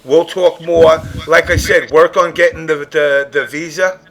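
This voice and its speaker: A man hosting a podcast group call, loud, joking and profane in casual chat. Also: a little high, fairly even intonation, a little slow, crowd noise. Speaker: podcast host.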